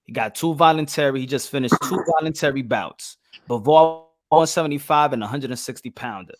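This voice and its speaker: A man giving his boxing opinion in a measured, slightly hesitant way. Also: mid-range voice, no echo, studio quality. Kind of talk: casual boxing chat.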